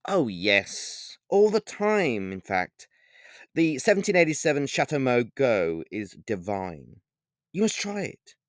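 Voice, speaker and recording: A man putting on a snooty high-voiced vampire. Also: big pitch swings, no room sound, studio quality. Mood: smug. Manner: snooty, drawn-out, pitched-up delivery. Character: snooty, smug male vampire, former butler. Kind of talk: audiobook character voice.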